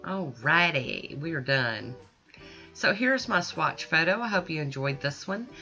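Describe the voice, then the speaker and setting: A woman's voice: low voice, animated, unhurried, bright, forceful tone. A woman narrating her nail art tutorial in a chatty, upbeat way, teasing herself now and then. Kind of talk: casual voice-over tutorial. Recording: slightly dull audio with faint guitar music.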